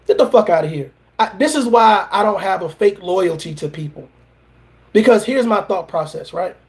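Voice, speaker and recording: A man giving a blunt, profane, confrontational reaction rant, preaching like a motivational coach. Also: extremely high pitch.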